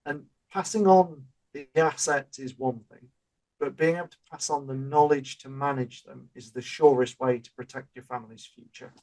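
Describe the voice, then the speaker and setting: A man's voice: medium pitch, steady tone, normal speed, darkish tone, rough recording. Chatty man explaining things. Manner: chatty, explains with everyday examples. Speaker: podcast co-host. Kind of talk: casual chat.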